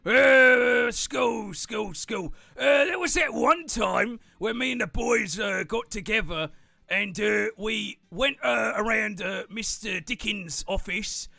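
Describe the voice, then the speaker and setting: A man putting on the voice of a rowdy, hot-headed male merchant character during a game stream, loud and blustering. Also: high voice, slow, creaky, no echo, pitched above the performer's own voice, full character voice. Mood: boastful.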